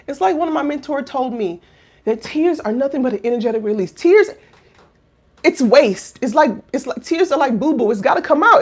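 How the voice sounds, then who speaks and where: A high-pitched, expressive woman in her thirties talks a little fast to camera. She's a life coach and finishing school founder whose casual, heartfelt talk shifts from soft reflection to loud exclamation, full of filler words and rhetorical questions.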